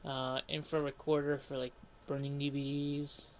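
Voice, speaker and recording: A man chatting casually on a live stream, his voice sitting at an ordinary middle pitch. He rambles and cuts himself off mid-thought, then grumbles at whatever goes wrong. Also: level tone, moderate pace, a little hiss or hum. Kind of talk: casual livestream commentary.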